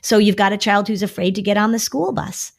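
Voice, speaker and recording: Woman therapist explaining worry, animated. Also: medium pitch, fairly quick. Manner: animated, acts out quoted voices of worry and kids. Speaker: therapist and podcast host. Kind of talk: podcast conversation.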